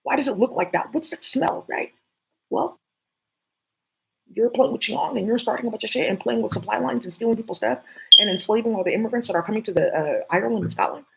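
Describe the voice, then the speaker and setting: Gravelly, very husky vlogger rambling through a conspiratorial monologue, casual and full of fillers. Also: medium pitch, fast talker, pushed and bright, poor audio.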